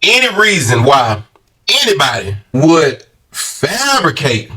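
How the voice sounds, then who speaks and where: Reaction host, man, playful and joking, higher voice, set back from the mic. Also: very animated, takes it slowly, husky, distant mic. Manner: loud, joking, playful gossip with slang. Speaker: commentary channel host. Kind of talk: casual reaction commentary.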